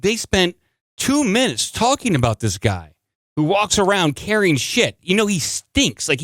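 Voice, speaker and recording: A man's voice: a little high, fairly bright tone, no echo. Guy cracking jokes on a podcast about a news clip, dry close mic. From lived in Arizona. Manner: joking, incredulous. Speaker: podcast co-host. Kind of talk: casual chat reacting to news clips.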